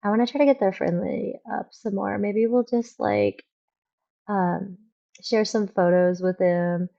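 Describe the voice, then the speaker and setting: A woman's voice: mid-range voice, unhurried, creaky, mellow, muffled recording. A young woman streaming a game, chatting casually and rambling with lots of fillers. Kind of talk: casual gameplay commentary.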